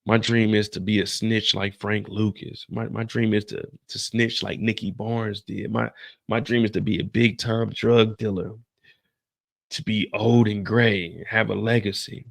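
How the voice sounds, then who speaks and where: A man's voice: on the low side, level tone, a little slow, gravelly, dry recording. A man playing an earnest young street hustler. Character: ambitious young male drug dealer, earnest and blunt.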